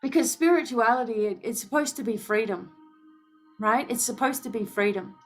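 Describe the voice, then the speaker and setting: A woman's voice: on the high side, normal speed, faint music behind. A woman speaking as a spiritual healer in a passionate, emphatic monologue to her followers, driving her points home with rhetorical questions and a repeated "okay?".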